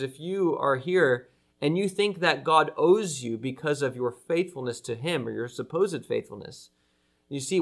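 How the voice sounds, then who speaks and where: A pastor preaching an earnest, emphatic sermon to his church, slowing down to stress key phrases. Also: fairly high pitch, creaky, fairly bright tone. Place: church with an online audience.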